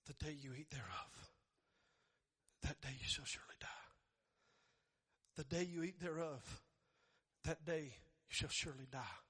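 A man voicing a solemn divine father who slowly intones a stern warning. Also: fairly high pitch, fairly bright tone, slightly rough. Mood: grave. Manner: slow, intoning.

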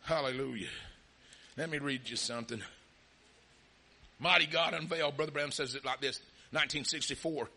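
Male preacher, gravelly and very bright, fervent shouting sermon delivery. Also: mid-range voice, moderate pace, pauses often. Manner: impassioned, often shouting; calls out hallelujah and amen.

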